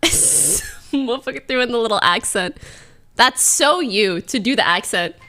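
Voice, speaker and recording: A woman's voice: fairly high pitch, expressive, measured pace, bright, forceful tone, a little hiss or hum. A young woman livestreamer in casual, playful chat, giggling as she sounds out foreign phrases.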